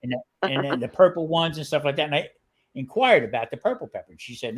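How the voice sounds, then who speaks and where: A man's voice: on the high side, animated, fast. An older man co-hosting a casual chat show, telling rambling, jokey stories. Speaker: co-host.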